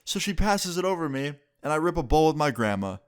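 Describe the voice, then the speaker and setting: A young man telling a story casually on his vlog, animated and profane, acting out the dialogue he quotes. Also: fairly high pitch, fast, clean tone. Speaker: storytime vlogger.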